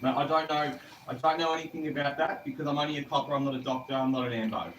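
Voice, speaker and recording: An Australian man, a police officer, talking calmly and patiently to a distressed man. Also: fairly high pitch, quick pace, roomy sound. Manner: calm, patient, placating. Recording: distant voice with crowd noise behind.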